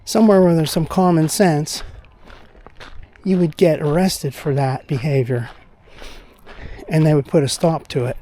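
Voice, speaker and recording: Mellow-voiced man chatting on a walk. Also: a little high, a little slow, pauses often, slight background noise. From Pennsylvania. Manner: chatty, rambling, opinionated. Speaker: vlogger. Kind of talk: casual walking-vlog monologue. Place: outdoors on a walking trail.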